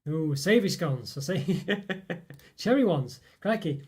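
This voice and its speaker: A man's voice: fairly high pitch, lively intonation, measured pace, a little mellow, breathy edge. A man hosting a live stream, chatting in a rambling way and reading out viewer comments with lots of fillers and chuckles. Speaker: live stream host reviewing chocolate.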